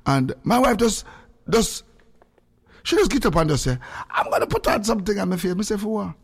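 Male radio host, slightly high voice, animated patois storyteller. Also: fairly quick, husky. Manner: animated storytelling with sudden high-pitched outbursts. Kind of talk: casual radio chat.

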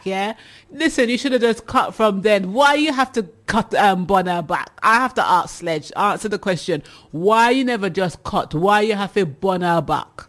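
A woman's voice: mid-range voice, animated, moderate pace, a bit bright. A woman hosting a casual advice show, reading listener messages and teasing them with laughter. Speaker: radio advice show host.

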